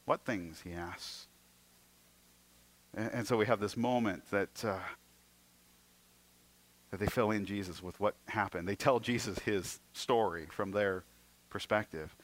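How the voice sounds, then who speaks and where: A man preaching a sermon, retelling stories with acted-out voices and moving between emphatic passages and hushed ones. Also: lowish voice, unhurried, long pauses. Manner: storytelling, acting out scenes in varied voices; swings from loud and emphatic to hushed. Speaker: pastor.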